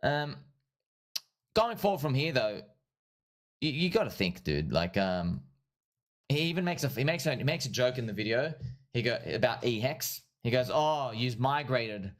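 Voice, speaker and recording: A man hosting a casual livestream, talking through crypto price charts in an excitable, repetitive way and often calling his audience friends. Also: medium pitch, moderate pace, long pauses. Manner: laughs at his own points. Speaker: livestream host and crypto trader.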